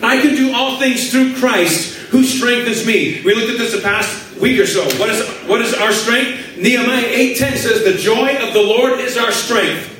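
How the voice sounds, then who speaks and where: Male pastor, high voice, lively storyteller, heard from far off in an echoey church. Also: normal speed, hardly any pauses, slight background noise. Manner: animated storytelling, acting out his own prayers. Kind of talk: sermon.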